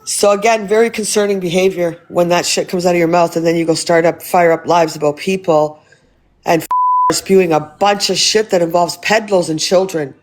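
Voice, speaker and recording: A woman's voice: on the low side, steady tone, moderate pace. Indignant woman hosting a livestream. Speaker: livestream host. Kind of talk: livestream commentary.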